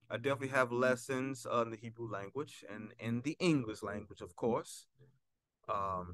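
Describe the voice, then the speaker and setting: Male teacher, bright tone, loose and chatty, slows right down to read the Hebrew, dry close mic. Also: medium pitch, dry recording. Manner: relaxed, loose delivery with many fillers; slow, careful reading of Hebrew prayer. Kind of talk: casual spoken lesson.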